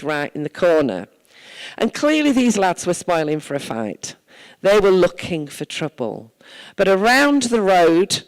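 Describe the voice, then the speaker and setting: A woman's voice: lowish voice, poor audio. A woman from Wales, a town mayor, giving an earnest, conversational address at a church service and telling stories from her own life.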